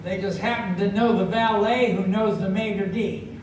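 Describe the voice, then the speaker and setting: Stand-up comic, American man, high pitch, emphatic, some shouting, far off in a noisy space. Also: steady tone. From United States. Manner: drawn-out, emphatic delivery, bursts of shouting. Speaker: stand-up comedian. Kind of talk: live stand-up routine. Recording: echoey venue, mic from a distance, ambient noise.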